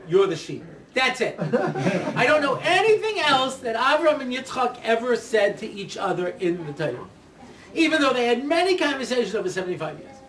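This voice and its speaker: Rabbi lecturer, high lively voice, humorous anecdotes; distant mic in a reverberant hall. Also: male voice, a little hiss or hum. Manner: animated storyteller, many "you know"s, acts out quotes. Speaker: rabbi, speaker. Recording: roomy hall recording from a distance.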